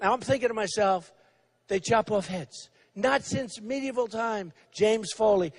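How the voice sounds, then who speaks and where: A man's voice: high voice, unhurried. A man in his sixties giving a rambling, repetitive campaign rally speech, acting out quotes of others in a mocking tone. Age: 60s. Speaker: political candidate.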